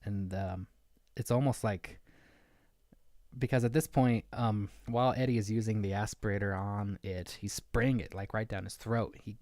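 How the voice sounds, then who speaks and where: A man's voice: fairly low pitch, no room sound, clean studio sound. A man co-hosting a casual book discussion podcast, eagerly retelling the plot. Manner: excited, retells plot in quick bursts. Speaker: podcast co-host.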